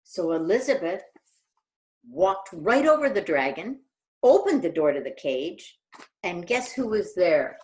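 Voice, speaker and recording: A middle-aged woman reading a picture book aloud to young children, animated and asking them questions. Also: fairly low pitch, slow pace, pauses often. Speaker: children's storyteller.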